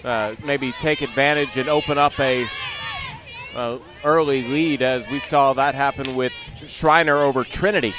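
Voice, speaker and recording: A man giving relaxed color commentary on a college softball game, with short analytical remarks. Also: medium pitch, moderate pace, crowd noise, background noise. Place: outdoor softball field.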